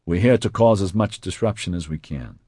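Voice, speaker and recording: A man voicing a level-headed male squad leader who speaks in a calm, measured way. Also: sits low, husky, no echo, studio quality. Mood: steady.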